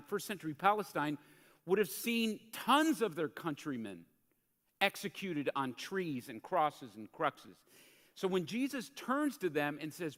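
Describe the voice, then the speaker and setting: A man preaching a sermon as a pastor in a church, in a conversational, animated way that acts out the quotes he tells. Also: high-pitched. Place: church sanctuary. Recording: church hall reverb.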